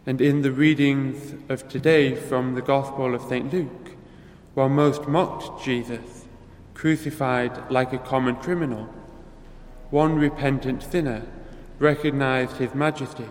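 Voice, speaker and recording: A man leading prayer and preaching a homily in a slow, measured, solemn way. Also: medium pitch, steady tone. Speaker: priest. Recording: echoey church hall.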